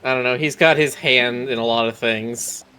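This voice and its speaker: A man's voice: medium pitch, fairly even intonation, normal speed, sharp tone, smooth. A man in casual, joking chat while streaming a game.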